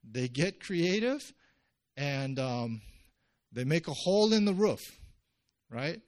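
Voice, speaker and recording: A male pastor giving a conversational sermon, jumping his pitch up when he acts out quotes. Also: sing-song, slow.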